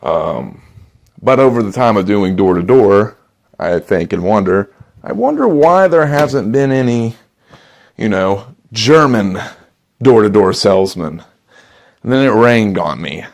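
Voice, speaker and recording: A man's voice: lowish voice, very animated, measured pace, vocal fry. A male stand-up comedian telling rambling, profane stories in a comedy set.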